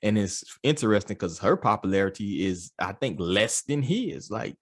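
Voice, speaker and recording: A man's voice: fairly low pitch, animated, moderate pace, no echo, clean studio sound. A man hosting a podcast, chatting in a laid-back way and laughing along. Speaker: podcast host. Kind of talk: casual political chat.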